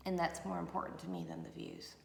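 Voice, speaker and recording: A woman's voice: fairly low pitch, very animated, fast talker, gravelly. A woman giving a chatty, rambling tarot reading with many fillers, recorded on a camera mic. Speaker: tarot reader. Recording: echoey room with faint noise.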